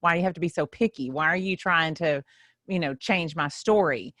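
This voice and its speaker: A woman with a low-sitting, slightly bright voice chats casually and fairly quickly as a guest in the host's chair in a podcast studio. She's chatty, laughing and self-conscious, using Southern "y'all" talk. The recording is dry.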